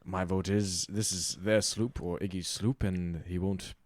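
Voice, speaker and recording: A man with a very low voice speaks in character at a tabletop game. He is blunt and pushes to move on. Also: fairly even intonation, measured pace, darkish tone, no room sound. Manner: blunt, arguing for leaving. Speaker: player.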